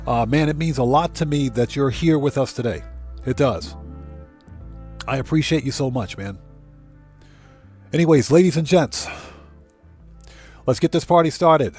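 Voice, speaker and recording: Man greeting his livestream chat over a soft music bed. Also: medium pitch, unhurried, pauses often. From United States. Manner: greets chat viewers one by one, heartfelt. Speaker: livestream host. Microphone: desk mic, no face cam.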